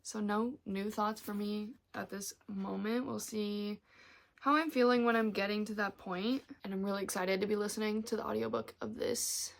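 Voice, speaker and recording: A woman's voice: medium pitch, fairly even intonation, normal speed, creaky, no room sound. A young woman chatting casually about books for her reading vlog, rambling and emotional, recorded in her car. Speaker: book vlogger.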